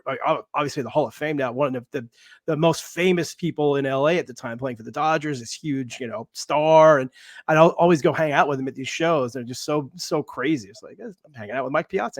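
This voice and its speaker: Male host, slightly high voice, keen and chatty interviewer. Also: brisk, no room sound, studio quality. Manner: enthusiastic, agreeable, loose phrasing. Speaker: interviewer, record label head. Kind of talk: casual podcast interview.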